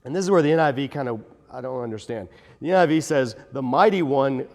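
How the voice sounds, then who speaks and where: A man teaching a Bible study in a conversational, animated way, stressing points with emphasis and joking at his own expense. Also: mid-range voice, quick pace, big-room sound. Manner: animated and emphatic, with self-deprecating asides.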